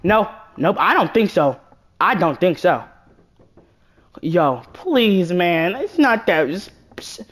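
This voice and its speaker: Woman, low voice, swooping wildly in pitch, horror game commentary, jumpy, slangy banter. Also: takes it slowly. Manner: animated, jumpy, shrieks at scares then mutters; slangy, self-deprecating banter to viewers. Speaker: gaming YouTuber.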